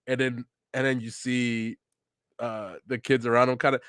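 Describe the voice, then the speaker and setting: A man's voice: medium pitch, little pitch movement, normal speed, smooth, no room sound, studio quality. A young man hosting a podcast, reading a manga aloud and reacting to it in casual, joking, profane commentary with bursts of laughter. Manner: joking and profane, with sudden loud laughing outbursts.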